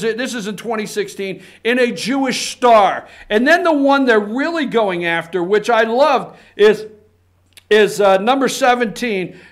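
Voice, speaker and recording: A man's voice: high voice, fairly bright tone. A man hosting a political talk show, giving fired-up, rambling commentary and swearing for emphasis.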